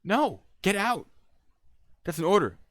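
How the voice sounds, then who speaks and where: A man performs an exaggerated voice pitched above his own, playing an impatient male federal agent who barks short, exasperated orders in a curt mood. The delivery is high, very animated, fairly bright, and measured in pace, recorded at studio quality with no room sound.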